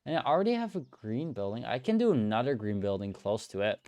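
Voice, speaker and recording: A man streaming a building game, musing aloud in relaxed commentary and filling pauses with hums and playful nonsense sounds. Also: medium pitch, smooth. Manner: slow, musing talk to himself, hums and playful filler sounds.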